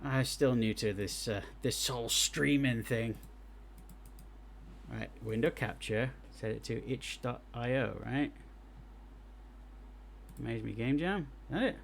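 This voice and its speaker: Excitable man streaming game reviews. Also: mid-range voice, a little slow, gravelly, pauses often, a little hiss or hum. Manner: excitable, talks to himself while playing. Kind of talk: live gameplay commentary.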